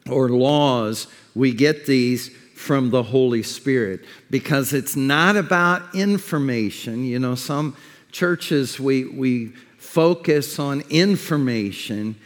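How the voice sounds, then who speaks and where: Slow-preaching pastor in a reverberant hall. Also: male voice, mid-range voice. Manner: emphatic preaching with repeated words and questions to the congregation. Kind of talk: sermon. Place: church sanctuary.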